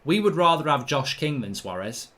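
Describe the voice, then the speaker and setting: A man, hosting a live football watchalong, reading viewer chat and arguing back in an animated, ranting way. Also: fairly high pitch, moderate pace. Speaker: livestream host.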